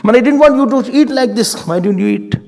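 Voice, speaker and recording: A man's voice: very high voice, brisk. A man with an Indian English accent giving a spiritual sermon as a swami, emphatic and repetitive, mixing in Hindi words. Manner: animated, emphatic, repeats phrases, mixes in Hindi words.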